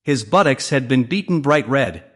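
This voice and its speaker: A man's voice: medium pitch, expressive, normal speed. A man narrating a comic story recap, reading all the characters' lines in his own voice.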